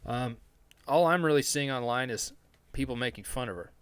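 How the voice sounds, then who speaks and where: A man's voice: medium pitch, moderate pace, fairly bright tone, clean tone, dry recording. A man hosting his own podcast as a live stream, rambling and sardonic, swearing often and restarting his sentences. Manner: meandering, profane, full of fillers and restarts. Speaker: podcast host.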